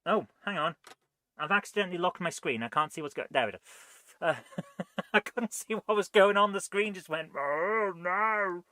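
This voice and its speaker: A man's voice: sits high, normal speed, bright, forceful tone, no echo. A man hosting a live retro gaming stream, chatting in a rambling way and thinking aloud as he goes. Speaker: host.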